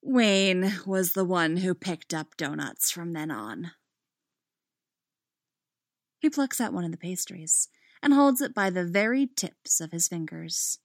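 A woman reading a story aloud with a lively, animated pitch. She is expressive and drops softly on the narration tags. The recording is dry and close, with no room sound. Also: slow pace, dry recording.

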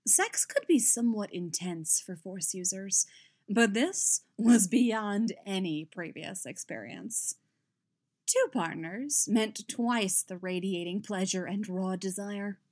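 Slow-reading woman narrator. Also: medium pitch, expressive, a little mellow. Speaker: audiobook reader. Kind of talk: fan fiction narration.

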